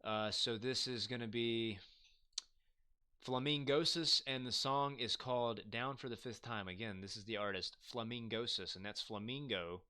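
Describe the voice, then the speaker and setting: A man's voice: mid-range voice, moderate pace, sharp tone, clean tone. A man hosting a casual live stream, reading viewer comments aloud, loose and chatty with swearing and self-deprecating jokes. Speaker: livestream host.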